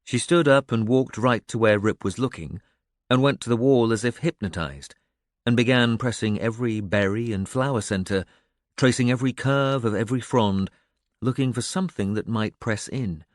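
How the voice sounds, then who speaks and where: A man reading an audiobook aloud in an even storytelling manner, close to the mic. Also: mid-range voice, normal speed, no room sound. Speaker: audiobook narrator. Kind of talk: scripted narration.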